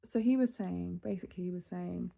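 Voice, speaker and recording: Gravelly-voiced exasperated woman vlogger. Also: lowish voice, brisk. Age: 30s. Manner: exasperated, animated storytelling with laughs and sighs. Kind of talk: casual venting monologue.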